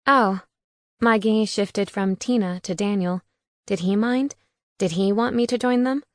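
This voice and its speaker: A woman's voice: mid-range voice, normal speed, a little mellow, no room sound. A woman narrating a first-person audiobook in a wry, conversational way on a close studio mic.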